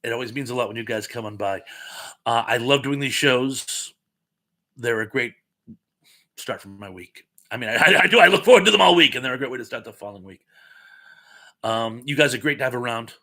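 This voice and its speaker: A man's voice: medium pitch, fairly quick, long pauses, pushed and bright. A man hosting a casual live stream chat, reading viewer comments aloud with plenty of ums, his voice a little scratchy from pollen. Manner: chatty, reads chat messages aloud, frequent ums.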